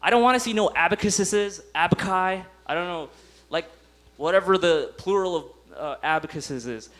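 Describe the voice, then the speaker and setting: Young male stand-up comic, high voice, giggles at his own punchlines, acts out little scenes. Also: moderate pace, a bit bright. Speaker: stand-up comedian. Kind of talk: stand-up comedy set. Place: comedy club stage.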